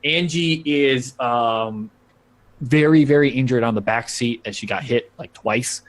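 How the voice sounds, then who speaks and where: A man's voice: medium pitch, a little slow. A man running a tabletop role-playing game, narrating the action loosely with many fillers and restarts. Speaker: game master.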